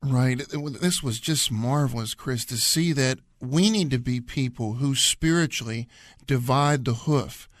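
A man's voice: mid-range voice, measured pace, no echo, studio quality. A man co-hosting a radio Bible study, talking earnestly and repeating phrases to drive his points home. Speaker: radio program co-host and Bible teacher.

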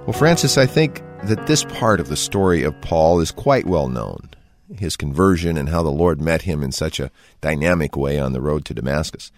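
A man hosting a religious discussion program, putting a clear, measured question to his guest. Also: deep voice, no echo, clean studio sound. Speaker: program host. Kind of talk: scripted interview question.

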